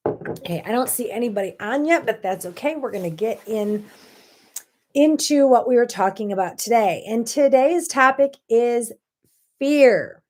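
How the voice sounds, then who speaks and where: Animated woman hosting a casual talk show. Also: fairly high pitch, normal speed. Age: 30s or older. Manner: energetic, animated storytelling with sudden loud emphasis. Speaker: host.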